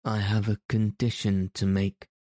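A cool, resolute young prince, read by a man in a storybook audiobook, calm and polite. The voice is low and slow, warm and dark in tone, recorded dry and close. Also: no room sound, natural voice. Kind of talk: audiobook character reading.

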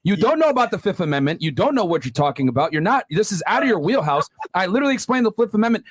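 A man's voice: high voice, sing-song, rapid-fire, slightly rough, dry recording. A podcast co-host on a call in a heated debate, combative and insistent, repeating his jabs.

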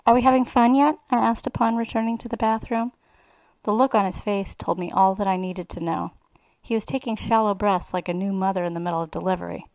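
A woman reads a first-person erotic story aloud, sly and relishing. Her voice has a gravelly fry and sits in a middle pitch. The recording is close and dry. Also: steady tone, a little fast, darkish tone, no echo, low-quality recording. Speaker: reader.

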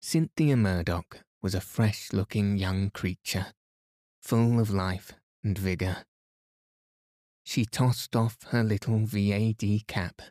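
A man narrating a novel as a calm bedtime reading. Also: fairly low pitch, no echo, studio quality. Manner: soft, soothing, unhurried. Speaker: audiobook narrator.

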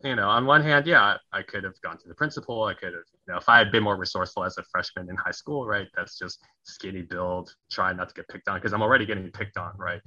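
With a deep, very bright and forceful voice, this conflict resolution coach from Wisconsin and then Tennessee talks quickly with few pauses while telling stories on a podcast interview. He performs the voices of people he quotes and laughs at his own expense. There's no room sound, but the recording is muffled.

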